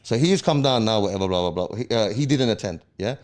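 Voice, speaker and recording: Here a male podcast guest with a low-leaning voice tells his story in a casual storytelling interview. He's animated and fast, using street slang and checking in with "yeah?" after every point, his retelling heated and emphatic.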